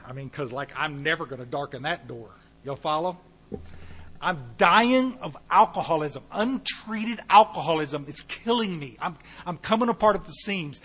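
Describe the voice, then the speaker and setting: A man's voice: a little high, animated, moderate pace. Folksy man telling his story. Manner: folksy storytelling, addresses the crowd, loud bursts. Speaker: AA speaker. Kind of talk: recovery talk to a meeting.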